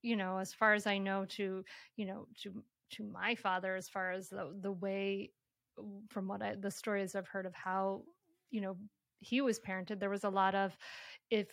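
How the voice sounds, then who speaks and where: A woman hosting a podcast, speaking softly and reflectively, often pausing and rephrasing as she thinks. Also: medium pitch, level tone, gravelly, no echo, studio quality. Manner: soft-spoken, reflective, halting. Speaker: podcast host. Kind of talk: conversational interview.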